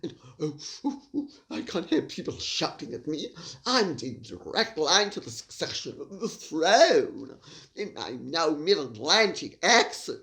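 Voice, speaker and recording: A woman's voice: sits low, very animated, measured pace, a bit bright, heavily acted. A woman doing a mocking impression of a pompous young royal man, protesting in a flustered, stammering way.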